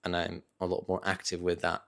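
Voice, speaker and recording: A young man with a low voice that stays fairly flat, speaking in a casual vlog. He muses in a thoughtful, hesitant way, with pauses and restarts as he works out what he means. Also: gravelly. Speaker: vlogger. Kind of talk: casual reflective talk to camera.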